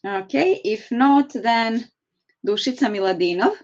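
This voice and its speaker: A woman's voice: on the high side, very animated, measured pace, darkish tone, dull audio. A woman with a Serbian accent teaching an English grammar class online, patient and encouraging as she explains step by step.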